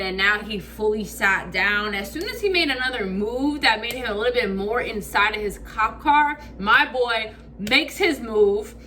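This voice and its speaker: A woman telling a storytime vlog in casual slang, acting out quotes with lots of fillers and swearing. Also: on the high side. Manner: animated, acts out quotes, frequent "like" fillers. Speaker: vlogger.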